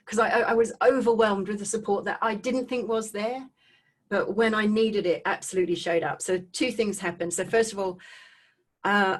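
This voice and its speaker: A woman giving an emotional personal testimony over a video call, halting and earnest, often repeating and restarting her words. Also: medium pitch. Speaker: speaker sharing her personal story.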